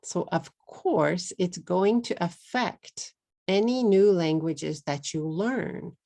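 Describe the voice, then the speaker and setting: A woman with a Texan accent teaching English pronunciation, saying each word slowly and repeating it clearly, with simple Japanese words mixed in. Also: fairly low pitch, warm tone. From Texas. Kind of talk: slow, deliberate pronunciation lesson.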